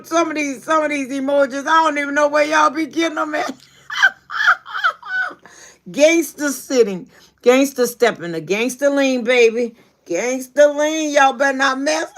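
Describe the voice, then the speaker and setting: A woman's voice: mid-range voice, a bit bright. A woman from New Orleans with a Southern accent, chatting casually on a livestream as a YouTube coach and greeting viewers by name. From New Orleans, Louisiana.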